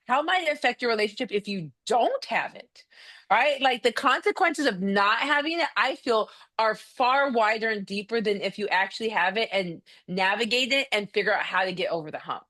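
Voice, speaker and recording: A woman, a mediator and former coach, talking in a direct, animated way as a podcast guest. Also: mid-range voice. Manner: direct, animated storytelling with acted quotes. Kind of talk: casual conversation.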